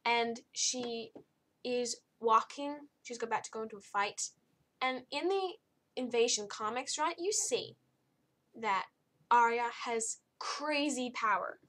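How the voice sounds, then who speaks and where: A young woman talks through a book review in a loose, rambling way, restarting sentences as she goes. Her voice sits a little high, and her tone is blunt and exasperated. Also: unhurried, a bit bright. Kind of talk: casual spoken review.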